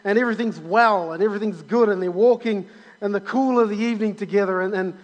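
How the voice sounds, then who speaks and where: A man's voice: high-pitched, fast, highs cut off. A man preaching a sermon in a church auditorium, enthusiastic and full of repetitions and restarts. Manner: enthusiastic, repeats himself with many restarts. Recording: long hall reverb.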